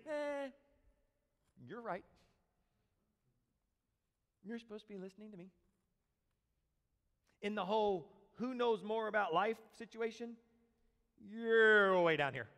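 Animated male pastor preaching in a reverberant church. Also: sits high, slow pace, long pauses. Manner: animated, acts out quoted voices, speaks directly to the congregation. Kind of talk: sermon. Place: church sanctuary.

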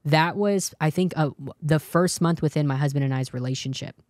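A young adult woman from California, the interview guest, moves briskly through her testimony in a low, darkish voice, recorded dry at studio quality. Earnest, she gives voice to the lines spoken by the people in her account.

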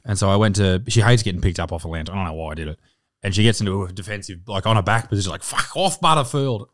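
A man's voice: deep voice, racing, no room sound, clean studio sound. Sweary Australian man ranting on a podcast. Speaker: podcast host. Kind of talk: casual podcast banter.

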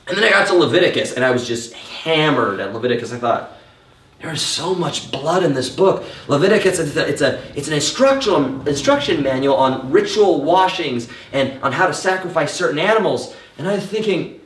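A man preaching a sermon, telling his own story in an animated way and acting out the thoughts he had back then. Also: fairly high pitch, fairly quick. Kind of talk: sermon with personal testimony. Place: church hall. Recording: echoey room, mic at a distance.

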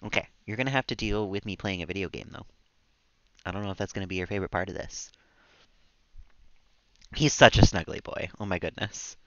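Male streamer, casual, coaxing baby talk, low voice, dull dry audio. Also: a little fast, pauses often, fairly bright tone, no room sound. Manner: coaxing baby talk to his cat, laughs often. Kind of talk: casual live-stream chat. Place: home.

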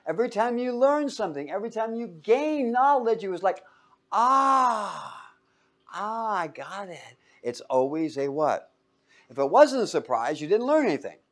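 A man with a high-pitched voice teaches a class a little fast, lecture-style. He quizzes students with fill-in-the-blank questions and animatedly plays out quotes in small voices.

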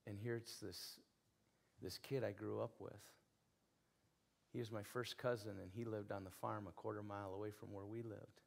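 A male pastor preaches with a low, gravelly voice that carries a husky edge. His sermon moves in earnest, conversational storytelling. He leans on repeated phrases for emphasis. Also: flat delivery, moderate pace.

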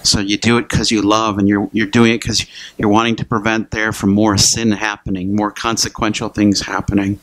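A man's voice: on the low side, flat delivery, moderate pace, fairly bright tone. A man preaching a sermon in a loose, conversational way, repeating and restarting words and calling the listeners "guys". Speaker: pastor. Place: church.

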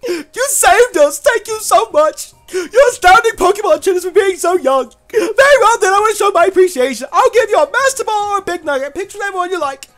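Squeaky overdramatic game folks, shrieky and weepy, bright sharp tone, pitch flying all over. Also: male voice, expressive, fairly quick, hardly any pauses, faint music behind. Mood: tearful. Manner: shrieking, melodramatic, sobbing. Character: overwrought, squealing video game characters, shrill and dramatic.

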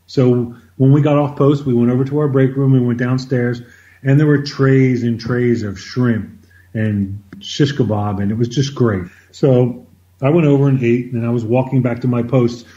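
A man as an interview guest, telling an anecdote in an animated conversational way, often repeating words as he starts a sentence. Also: medium pitch, moderate pace, highs cut off. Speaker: interview guest, former White House officer. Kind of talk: conversational storytelling.

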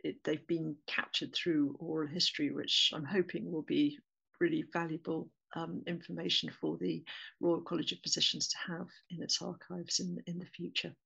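A woman's voice: low voice, level tone, moderate pace, creaky, a bit bright, husky, muffled recording. A woman with an English accent giving a webinar talk on oral history, conversational with frequent fillers and restarts.

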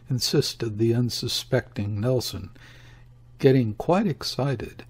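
A man narrates a classic novel in a husky voice at a slow, deliberate pace. His pitch sits in the middle range and his reading stays even and measured throughout. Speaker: audiobook reader. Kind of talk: scripted literary narration.

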